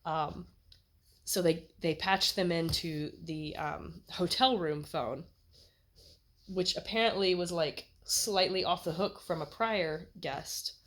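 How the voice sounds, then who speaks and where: A young American woman telling a personal story in a chatty, animated way, laughing as she goes. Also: on the low side, slow. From United States. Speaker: vlogger. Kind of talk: casual storytelling.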